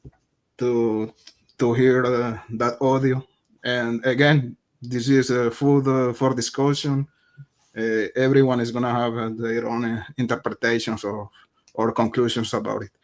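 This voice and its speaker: A man's voice: mid-range voice, little pitch movement. Guy hosting an interview, lots of uhs and stalls between words. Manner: halting, many "uh" fillers and repeated words. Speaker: interview host. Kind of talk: interview questions.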